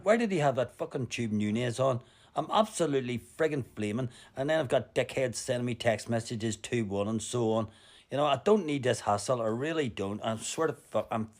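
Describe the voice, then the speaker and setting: A man ranting as a football fan, exasperated, swearing and repeating himself as he rambles. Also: medium pitch.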